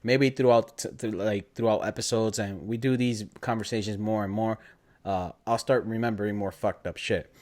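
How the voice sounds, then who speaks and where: A man in his thirties co-hosting a podcast, laid-back and quick to laugh and react. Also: on the low side, fairly even intonation, a little mellow. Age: 30s. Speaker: podcast co-host. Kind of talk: casual chat.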